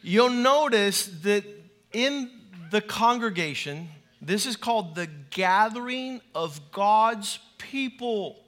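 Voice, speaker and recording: A man preaches a lively sermon to a large church congregation, animated and playful as he leads call-and-response. His voice is high and his delivery slow.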